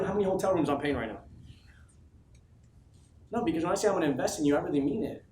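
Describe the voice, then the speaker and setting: A man giving a motivational speech to his team, emphatic and swinging from low, intimate lines to loud, shouted questions he keeps repeating. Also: animated, fast, pauses often, slight background noise. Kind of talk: motivational speech to a live audience. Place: large office room with an audience. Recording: echoey room from a distance with faint ambience.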